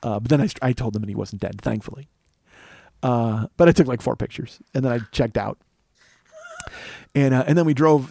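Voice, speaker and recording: A man in his forties telling a comedic story, rambling and profane, correcting himself as he goes. His voice sits mid-pitch and sounds dry and close to the mic with no room sound. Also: a little mellow, no echo. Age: 40s. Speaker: podcast host.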